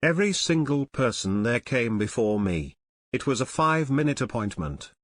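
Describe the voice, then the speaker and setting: Male text-to-speech voice, lively pitch contour, dry close sound. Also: moderate pace, no room sound. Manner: spells out chat abbreviations letter by letter.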